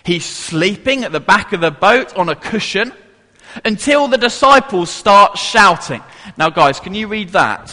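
Lively bright-voiced man leading a children's talk. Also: high voice, moderate pace, long reverb tail. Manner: playful, coaxing the audience to join in. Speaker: church leader giving a children's talk. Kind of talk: interactive children's Bible talk. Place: church hall with a congregation.

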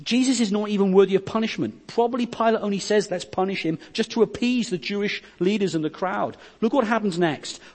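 Here the preacher's voice sits high and is a little mellow, moving fairly quickly with few pauses. He reads scripture aloud and explains it, his delivery swelling and easing, with the long reverb of a hall around him.

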